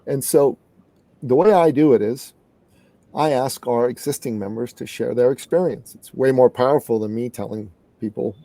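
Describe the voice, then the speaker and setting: A middle-aged man from Canada telling a story in an interview as a guest business coach, earnest and animated. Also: medium pitch, normal speed, vocal fry, no room sound.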